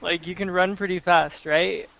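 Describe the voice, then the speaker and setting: A man's voice: high-pitched, steady tone, normal speed, creaky, a bit bright. A man playing a tabletop game, talking casually and often laughing. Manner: giggly, laughs between his lines. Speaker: player. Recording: dull lo-fi sound.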